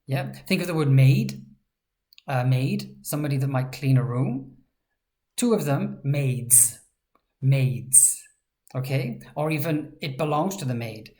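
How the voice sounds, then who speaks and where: A woman teaching a language lesson in a relaxed, chatty way, with playful asides and sounds spelled out slowly. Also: sits low.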